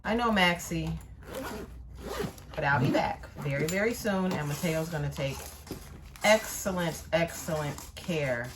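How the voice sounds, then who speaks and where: A middle-aged woman vlogging casually, playful and animated, chatting to her pet and her viewers. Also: sits low, normal speed. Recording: faint background noise.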